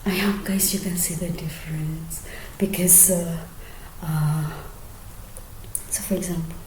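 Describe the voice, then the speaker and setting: A woman explaining her singing technique in a soft, often half-whispered, hesitant way with many fillers. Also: fairly low pitch, steady tone, a little slow, heavy background noise. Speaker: singing teacher. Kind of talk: casual singing tutorial. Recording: roomy echo.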